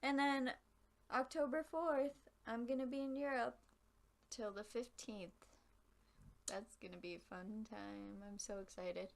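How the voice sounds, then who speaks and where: A woman's voice: fairly high pitch, unhurried, creaky. A young woman co-hosting a casual podcast, chatting and telling stories with lots of giggles. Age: young adult. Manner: giggly, animated storytelling. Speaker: podcast co-host. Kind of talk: casual chat.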